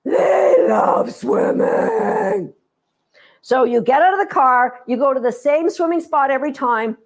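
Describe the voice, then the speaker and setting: A woman dog trainer giving an instructional talk, animated and playful as she tells stories. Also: sits high, brisk.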